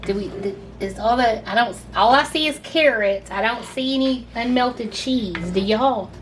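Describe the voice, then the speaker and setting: A woman's voice: a little high, normal speed, hardly any pauses, slight background noise. Gushing Southern woman cooking at home. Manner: chatty and gushing, says y'all a lot. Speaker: cooking channel host. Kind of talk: casual cooking video.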